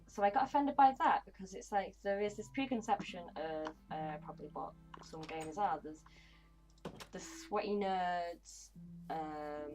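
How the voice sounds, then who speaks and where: Poor audio carries the low, creaky voice of a woman in her 20s chatting casually on a gaming livestream. Blunt in manner, she swears freely and mutters to herself while she plays.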